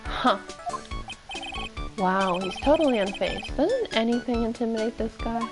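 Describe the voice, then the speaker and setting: A woman's voice: fairly high pitch, expressive, measured pace, pauses often. Playful woman streamer over game music. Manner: playful, reads characters' lines aloud with her own reactions. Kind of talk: casual let's-play commentary and reading game dialogue aloud.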